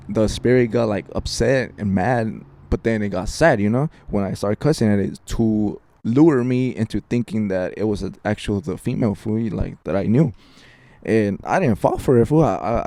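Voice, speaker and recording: A young man with a low, mellow voice tells a ghost story in loose, slangy podcast chat. He swears freely and drops "fool" into nearly every line. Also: dry recording. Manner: slangy, profane, says "fool" constantly. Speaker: podcast co-host.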